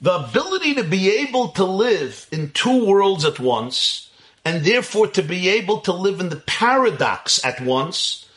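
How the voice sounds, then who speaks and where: Man, religious lecture on kabbalah, somewhat high voice, bright and forceful, animated, rhetorical questions. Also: measured pace. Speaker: teacher of Kabbalah.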